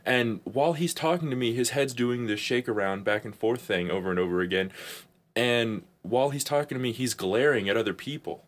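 Brisk and medium-pitched, this young podcast co-host swaps stories in relaxed conversation, lively, frequently laughing and cursing without restraint.

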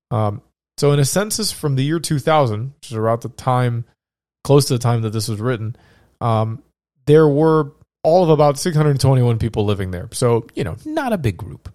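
A man's voice: mid-range voice, normal speed, darkish tone, dry recording, studio quality. Sick man hosting a casual podcast. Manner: joking, rambling, self-interrupting. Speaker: podcast host. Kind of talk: casual podcast chat and reading research.

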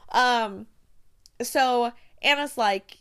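A woman hosting a casual movie recap, chatty and animated, with exaggerated outbursts. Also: on the high side, very slow. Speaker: movie review host.

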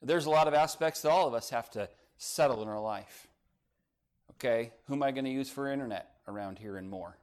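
A man's voice: mid-range voice, a little fast, a little mellow, clear, resonant tone. An older man preaching a sermon, earnest and urgent, asking his listeners direct questions and adding folksy, joking asides. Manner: earnest, rises to urgent emphasis, asks the congregation direct questions; folksy asides and light humor.

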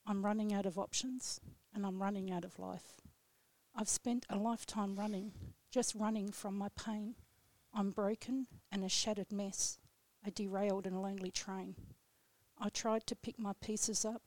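Solemn woman reciting a poem, flat tone. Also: medium pitch, dry recording. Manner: slow, solemn, measured recitation. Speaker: radio guest poet. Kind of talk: reading her own poem aloud. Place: radio studio.

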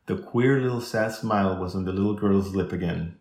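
A man reading a classic children's novel aloud in measured, even storytelling. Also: deep voice. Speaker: audiobook reader. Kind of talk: scripted narration. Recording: roomy echo.

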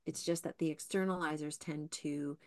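A woman's voice: low voice, normal speed, dry recording, clean studio sound. A woman hosting a podcast, chatting animatedly and reading aloud from a book. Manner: animated, laughing, reads book excerpts. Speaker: podcast host. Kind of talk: casual conversation and reading aloud.

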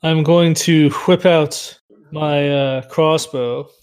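A man's voice: a little high, fairly even intonation, slow, darkish tone, clear, resonant tone. A man playing a tabletop game over an online voice call, casual and thinking aloud. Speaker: player.

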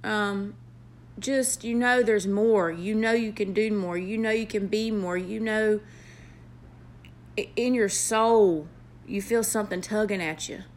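A young woman with a Southern US accent, an earnest nurse speaking to her viewers in a motivational vlog. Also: medium pitch. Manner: earnest, heartfelt, with pauses and fillers. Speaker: nurse vlogger.

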